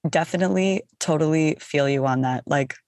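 A woman's voice: sits low, fairly quick, darkish tone, no room sound, clean studio sound. A young woman talking casually and rambling, with many "like"s and easy laughs, recording from a small closet. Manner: rambling, says "like" often, laughs easily. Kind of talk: casual conversation.

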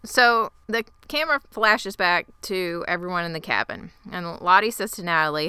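A woman co-hosting a casual podcast, retelling a TV episode scene by scene with lively asides. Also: on the low side, moderate pace, hardly any pauses, clean tone, no echo, clean studio sound. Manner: animated storyteller, quotes characters in lively asides. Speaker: podcast co-host. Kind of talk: casual TV recap chat.

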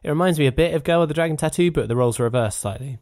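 A man co-hosting a film podcast, bantering with quick questions and easy laughs. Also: on the high side, darkish tone. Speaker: podcast co-host. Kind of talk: casual podcast chat.

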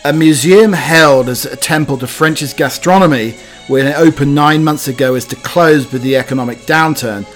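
Guy doing comedy news chat, cheeky and rambly, lots of uhs, bit of quiet music behind. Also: fairly high pitch, normal speed. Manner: rambling, cheeky, hesitant with fillers. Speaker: podcast host. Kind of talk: comic news commentary.

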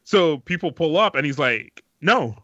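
High, animated man telling a story. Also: a little slow, dry recording, highs cut off. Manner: animated storytelling with swearing and laughter. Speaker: podcast co-host. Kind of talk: casual chat.

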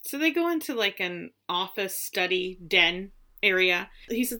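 A woman with a bright, forward voice co-hosting a casual recap chat. She tells the story in a lively way and puts on playful voices for the characters' lines. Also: mid-range voice, normal speed. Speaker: podcast co-host.

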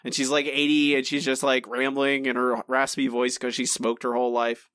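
A man co-hosting a podcast in casual chat, animated and teasing with mock indignation. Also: mid-range voice, normal speed, no echo, clean studio sound. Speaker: podcast co-host.

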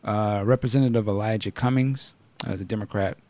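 A man hosting a podcast in casual chat, blunt and animated, often laughing and asking questions. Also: lowish voice, brisk, no room sound. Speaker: podcast host.

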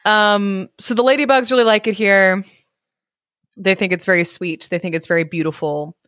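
A woman's voice: medium pitch, steady tone, moderate pace, a bit bright, no echo, clean studio sound. A woman co-hosting a podcast, reading a folk tale aloud with playful, laughing asides. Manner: playful, laughs often, reads story aloud. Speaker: podcast co-host. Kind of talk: casual storytelling chat.

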